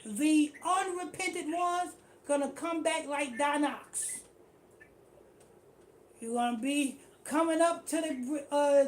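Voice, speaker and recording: With a high-sitting, animated voice at a measured pace, a woman leads a street-style scripture class over slight background noise. She repeats herself in slangy language, peppering it with "you know what I'm saying."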